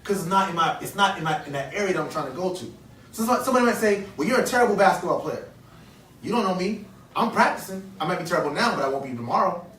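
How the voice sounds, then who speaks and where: Animated and racing, a man in his thirties with a high, fairly bright voice motivates kids at a conference in an earnest way, returning to key phrases and questioning the audience. The echoey hall is captured by a distant mic, with faint ambience and slight background noise.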